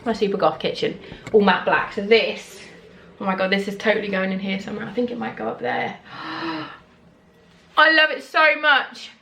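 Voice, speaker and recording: A British woman vlogging a casual unboxing in her kitchen at home, excitable and full of gasps, squeals of delight and frequent swearing. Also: mid-range voice, fast talker, creaky.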